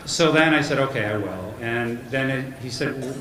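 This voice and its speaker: Middle-aged guy doing a funny commencement speech, mid pitch, echoey hall with noise. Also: moderate pace, hardly any pauses. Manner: joking storyteller, self-deprecating. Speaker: commencement speaker.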